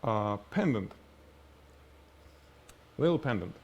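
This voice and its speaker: A man with a strong Russian accent whose first language is Russian, teaching product photography on a live stream in an animated, demonstrating way. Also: fairly low pitch, slow, muffled recording, slight background noise. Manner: animated, explains by demonstrating, laughs at himself. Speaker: photography instructor.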